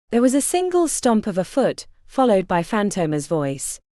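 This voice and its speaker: A woman narrating a fantasy audiobook in the first person, her pitch rising and falling freely. She voices the story with expressive shifts between scenes. The sound is close and dry, with no room around it. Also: normal speed, hardly any pauses, no room sound. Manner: expressive, varied character voicing.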